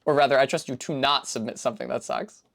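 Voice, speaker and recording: A woman's voice: very deep voice, quick pace, vocal fry, a little hiss or hum. A young woman from Rhode Island chats loosely on a live stream. She rambles from tangent to tangent, curses casually and makes fun of herself. She answers viewers' messages as they come in. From Rhode Island, USA. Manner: rambling, profane, self-deprecating; reads out and answers chat messages.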